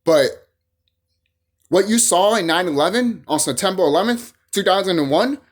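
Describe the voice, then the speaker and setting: A man's voice: high voice, animated, moderate pace. A young man from El Salvador talking casually to camera in a rambling, emphatic, profane way with frequent restarts. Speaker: vlogger.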